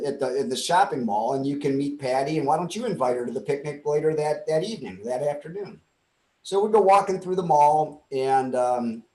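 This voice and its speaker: Storytelling man with a roomy echo. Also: a little high. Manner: lively anecdotal, acts out dialogue. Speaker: interview guest. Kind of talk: casual storytelling.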